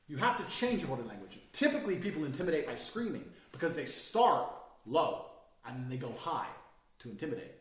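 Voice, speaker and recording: A man's voice: mid-range voice, wildly swooping pitch, brisk, fairly bright tone. Swaggering man lecturing in an echoey room. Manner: profane, swaggering, emphatic. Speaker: course instructor. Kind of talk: blunt motivational lecture.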